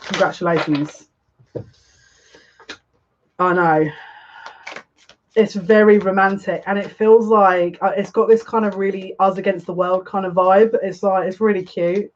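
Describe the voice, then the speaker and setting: A psychic tarot reader, talking on a live stream in an excitable, breathless way, often breaking off mid-sentence. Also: medium pitch, measured pace, long pauses, a little hiss or hum. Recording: dull lo-fi stream audio.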